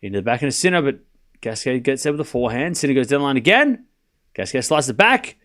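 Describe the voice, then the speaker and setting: A man's voice: mid-range voice, big pitch swings, fast, a bit bright. A man streaming a live tennis watchalong, mixing casual play-by-play with teasing replies to his chat. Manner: chatty, teasing, talks straight to his chat.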